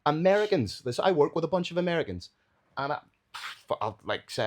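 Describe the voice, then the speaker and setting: A man's voice: on the high side, big pitch swings, fairly quick. A man with a Northern Irish accent, a sports commentator chatting as a podcast guest, casual and swearing freely with local words. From Northern Ireland.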